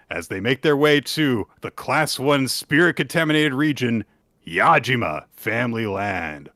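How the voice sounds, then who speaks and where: A young man recaps manga in a casual, profane podcast style. His pitch swings freely as he talks. The sound is dry and close, with no room in it. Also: lively intonation, a little slow, sharp tone, dry recording. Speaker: podcast host.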